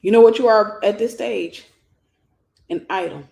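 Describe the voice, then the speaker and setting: A woman minister giving an animated teaching sermon, acting out scenes and speaking straight to her listeners. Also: medium pitch, unhurried, vocal fry. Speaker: minister and mentor.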